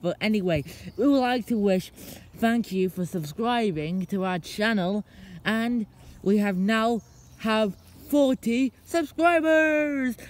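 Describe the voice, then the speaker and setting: A male channel host in playful, excitable vlog banter. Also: high voice.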